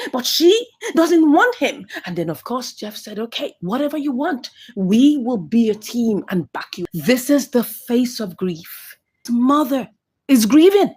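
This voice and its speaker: A woman recapping and reviewing a drama series in a casual, animated way, laughing often and sometimes dropping to a whisper. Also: high voice.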